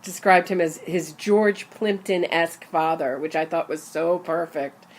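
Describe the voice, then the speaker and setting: A woman with a lowish voice hosts a casual true-crime talk show. She speaks conversationally and guides the discussion from point to point. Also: fairly even intonation, unhurried. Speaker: podcast host.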